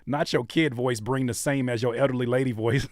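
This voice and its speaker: A man's voice: medium pitch, steady tone, a little fast, background noise. A man hosting a livestream where he reacts to music submissions, talking casually, joking and repeating phrases for effect. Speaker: host reviewing music submissions.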